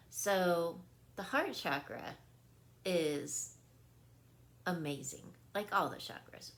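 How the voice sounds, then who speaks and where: Deep and carrying a slight hiss or hum, her voice belongs to a wellness coach in an earnest, casual spiritual talk. She laughs readily and keeps checking in with her audience, earnest and repetitive, asking "right?" again and again.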